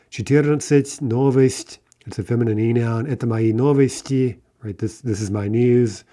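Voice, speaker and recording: A man with a medium-pitched, dark-toned voice teaches a recorded language lesson. He explains endings step by step, often asking "right?" between examples.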